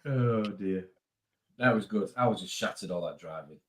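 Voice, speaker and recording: A man hosting a casual live stream, chatting quickly and greeting viewers by name. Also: sits low. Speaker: host.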